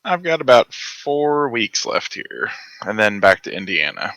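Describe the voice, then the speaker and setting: Bright-sounding guy cracking jokes at the table. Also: on the low side, sing-song, a little slow, dry recording, lo-fi sound. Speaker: player. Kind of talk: casual chat at a tabletop game.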